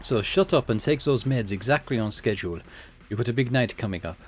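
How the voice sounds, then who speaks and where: A man's voice: mid-range voice, animated, brisk, lightly acted. A man voicing a blunt, bossy woman crew member with a put-on Atlanta accent, reading game dialogue aloud. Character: tough woman crew member with a Southern drawl.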